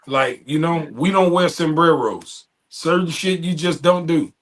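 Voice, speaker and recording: A man's voice: on the high side, animated, measured pace. Blunt joking man. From United States. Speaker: podcast co-host. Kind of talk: casual chat.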